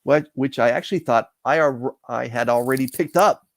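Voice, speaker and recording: Man, middle-aged, from Canada, gravelly voice, dry close sound, reflective storytelling. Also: mid-range voice, dry recording. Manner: measured, reflective storytelling with frequent "uh" pauses. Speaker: interview guest, comic collector. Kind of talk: casual storytelling interview.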